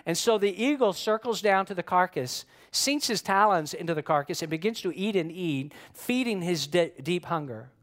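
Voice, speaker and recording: A male pastor preaching a sermon to a room, voicing a struggling person's inner thoughts with sudden swings between loud and hushed. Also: expressive, moderate pace, hardly any pauses. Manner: impassioned, acts out inner voices with sharp swings in pitch and loudness.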